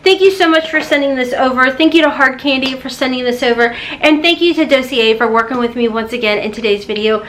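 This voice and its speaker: A woman's voice: high voice, brisk, few pauses, a bit bright, slight background noise. A woman beauty vlogger chatting casually through an unboxing, gushing over products. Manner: chatty, gushing, talks to her cat in baby talk.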